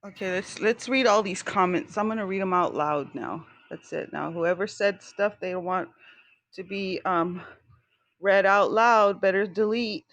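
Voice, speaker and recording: A woman's voice: medium pitch, a little slow, fairly bright tone, no echo, low-quality recording. A woman chatting casually on a live stream, rambling with many fillers and restarts, outdoors near traffic.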